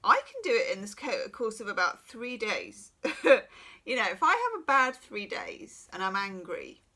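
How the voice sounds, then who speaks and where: Woman, middle-aged, bright voice, losing her voice, chatty tarot reader, frank and reassuring. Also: medium pitch, sing-song, measured pace. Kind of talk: private tarot reading, casual advice.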